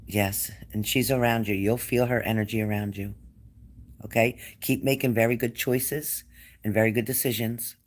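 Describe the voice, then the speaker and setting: A man giving a spirit-medium reading to a client, gentle and coaxing, repeating his phrases. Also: on the low side. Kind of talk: reassuring psychic reading to a client.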